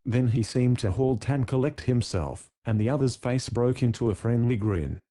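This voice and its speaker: In scripted narration of a classic adventure audiobook, a man tells the story in a measured, even manner with a mid-range voice.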